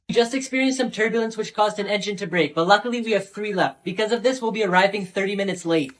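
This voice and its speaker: Flat text-to-speech storytime narrator. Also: mid-range voice, quick pace, hardly any pauses. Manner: flat, even delivery of jokes and dialogue.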